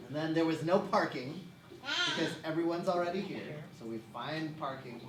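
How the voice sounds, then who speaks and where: A man's voice: a little high, normal speed, a crowd in the background. Chatty man telling stories in an echoey hall. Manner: chatty, self-deprecating, laughing often. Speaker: guest speaker at a parish event. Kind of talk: conversational talk with humorous anecdotes. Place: church hall. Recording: echoey room, distant mic, background noise.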